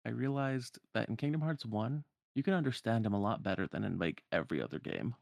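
A man's voice: fairly low pitch, lively intonation, fairly quick, vocal fry, a little mellow, dry recording, clean studio sound. A man casually retelling a game's story for friends with wry, self-deprecating humor. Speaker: podcast host recapping a game.

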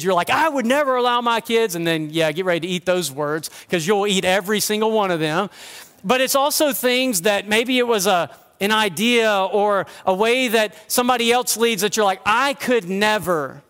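High-voiced male pastor preaching in a reverberant church. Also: brisk, clear, resonant tone. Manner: conversational, self-deprecating humor, drops to a quiet earnest tone. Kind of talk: sermon. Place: church sanctuary.

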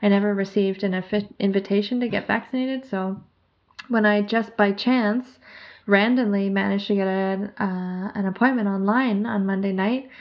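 A woman co-hosting a podcast in casual chat, upbeat and chatty, with vocal fry. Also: medium pitch, fairly even intonation, normal speed, muffled recording. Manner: chatty and upbeat, laughs often. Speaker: podcast co-host.

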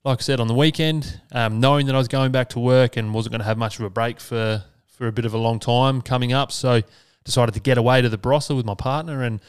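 A man's voice: medium pitch, steady tone, quick pace, clean tone, no echo, clean studio sound. An Australian man hosting a solo podcast, talking casually and earnestly, swearing freely. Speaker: podcast host.

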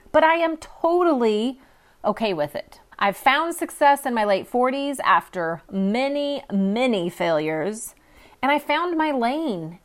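A woman in her fifties from California talks straight to her listeners as host of her own podcast. Her voice sits slightly high for a woman, and she is bubbly and candid, poking fun at herself. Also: animated, unhurried. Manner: bubbly, candid and self-deprecating. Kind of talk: upbeat solo podcast monologue.

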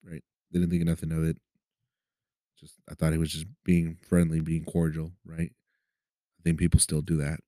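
A Los Angeles podcast host tells a personal story casually and profanely, often asking "right?" in a conversational way. His voice is rumbling low, dark, and monotone at normal speed, with long pauses. The studio-quality recording has no room sound.

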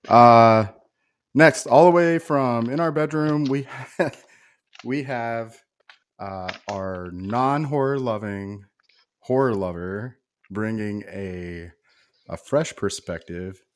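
A man's voice: mid-range voice, slow. A man hosting a horror movie podcast in a laid-back, casual way, full of fillers and calling people dude. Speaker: podcast host.

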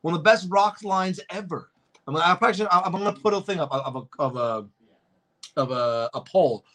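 A young man co-hosting a casual podcast, swearing freely and joking through quick banter. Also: high voice, bright, forceful tone. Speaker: podcast co-host. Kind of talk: casual wrestling chat.

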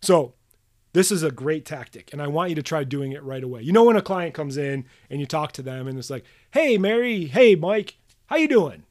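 A man's voice: a little high, brisk, darkish tone. A man hosting a solo podcast for practitioners, talking bluntly and emphatically, swearing casually and repeating his key points. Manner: emphatic, drills points with repetition. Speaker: podcast host coaching manual therapy practitioners.

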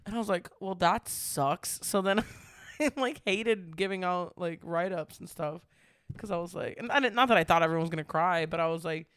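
A woman's voice: lowish voice, moderate pace, a bit bright, clear, resonant tone, dry recording. Brief: young woman co-host, casual storyteller, filler-heavy, dry close mic. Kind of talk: casual chat.

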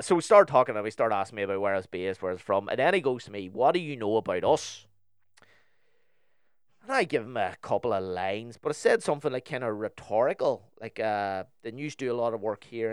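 A man's voice: fairly low pitch, clean tone, no room sound, studio quality. A young man with a Northern Irish accent, telling a story in casual chat on a podcast and acting out both sides of the conversation.

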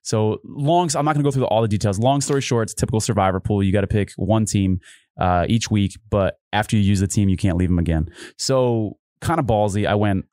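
A man's voice: fairly low pitch, brisk, mellow, dry recording, studio quality. A man hosting a sports betting podcast, telling stories animatedly and swearing freely. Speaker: podcast host. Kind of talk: casual sports betting chat.

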